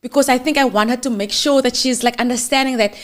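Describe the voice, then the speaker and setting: A woman from the Cape Flats with a Cape Flats South African accent, chatting casually as a guest and mixing in Afrikaans, animated and quick to laugh. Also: sits high. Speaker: guest, theatre producer. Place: lives in New York.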